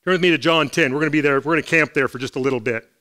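High-voiced man preaching a sermon. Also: racing, bright, forceful tone. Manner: earnest, conversational preaching with scripture reading. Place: church service.

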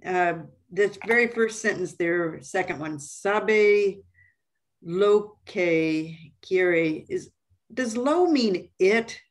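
A woman's voice: mid-range voice, expressive, extremely slow. A woman student asking careful questions in a class.

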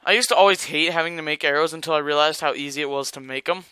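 A man's voice: a little high, fast talker, pushed and bright, smooth, dry recording. A young man rambling through casual gameplay commentary as a gaming YouTuber, joking and talking straight to his viewers. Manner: rambling, jokey, talks to viewers.

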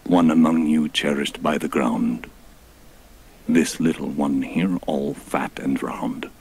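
A man's voice: extremely low pitch, steady tone, slow, creaky, darkish tone, husky, exaggerated voice. A man voicing a pompous, crude male dinosaur god who makes grandiose rhyming proclamations. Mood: solemn.

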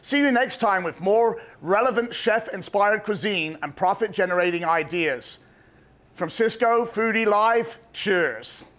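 A man with a slightly raised pitch hosts a cooking show, full of admiring, effusive praise for the food. He speaks like a chef presenting to an industry audience. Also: expressive, measured pace, a bit bright. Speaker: chef host.

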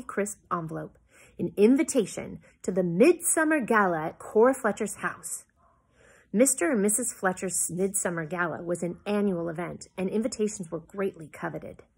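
A woman's voice: lowish voice, breathy edge. A woman reading a novel aloud at home, stopping now and then to explain the story to her listeners. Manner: pauses to explain the story to listeners, corrects slips.

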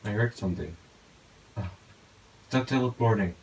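A man with a very deep voice talks his way through a game, muttering to himself and breaking into sudden excited outbursts. A faint hiss sits under the recording. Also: moderate pace, gravelly, rough recording. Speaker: gaming YouTuber. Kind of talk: casual gameplay commentary.

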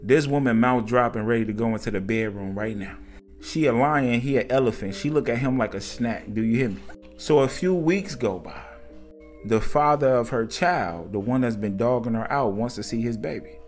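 A man narrating a casual story in a conversational, slangy, animated way. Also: medium pitch, normal speed, faint music behind.

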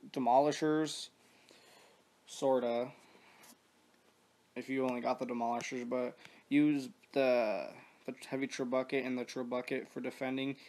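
A man talking over his strategy game in a loose, meandering way, with a lot of swearing and fillers. His pitch stays level with little rise and fall, and he sits in the middle of the usual male range. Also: gravelly, a little mellow. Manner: rambling, profane, many restarts and fillers. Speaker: mobile strategy game player. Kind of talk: casual gameplay commentary.

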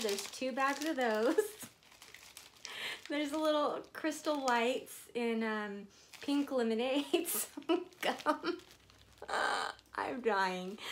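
A woman's voice: on the high side, a little hiss or hum. A woman in her fifties unboxing gifts on a vlog, gushing and laughing often as she talks. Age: 50s. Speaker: vlogger. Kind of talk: casual unboxing chat.

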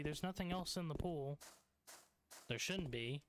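A young man with a fairly high, slightly bright voice speaks at a measured pace with frequent pauses. He's a gamer streamer doing let's play commentary on his own gameplay, frustrated and swearing heavily, in a noisy home recording.

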